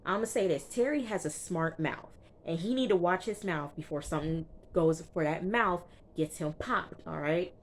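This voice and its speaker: A woman reviews a TV episode in a loose, slangy recap, stopping often for quick asides of her own. Her voice sits slightly low. A faint room ambience hums behind her. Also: slight background noise. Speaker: TV show reviewer.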